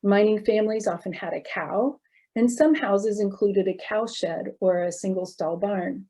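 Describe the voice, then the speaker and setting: A woman's voice: mid-range voice, mellow. A woman giving a slide presentation lecture, explaining steadily with frequent ums and uhs. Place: recorded online talk.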